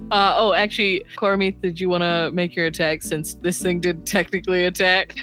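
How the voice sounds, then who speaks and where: A woman's voice: lowish voice, level tone, normal speed, fairly bright tone, faint music behind. A woman narrating a tabletop role-playing game as game master, joking with her players. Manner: playful, jokey.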